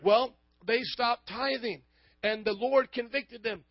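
A man's voice: very high-pitched, slow pace, dry recording, highs cut off. A male pastor preaching a sermon, emphatic and calling out to the congregation for responses.

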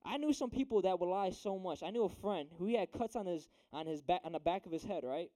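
A man's voice: high-pitched, fast, mellow. A young man giving a casual youth sermon, slangy and chatty, often checking in with "right?". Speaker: youth preacher.

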